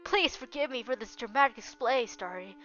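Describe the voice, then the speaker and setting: A woman's voice: a little high, animated, brisk, fairly bright tone. A woman voicing a devoted young female knight who speaks in formal, archaic oaths. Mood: solemn. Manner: formal, archaic oath-swearing speech. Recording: dull lo-fi with faint music.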